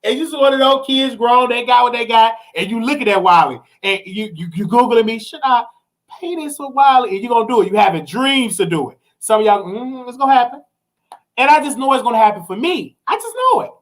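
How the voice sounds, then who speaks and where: A man hosting a casual live stream, talking straight to his viewers, animated and swinging between excited highs and low, serious storytelling. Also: fast, few pauses. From United States. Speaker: livestream host.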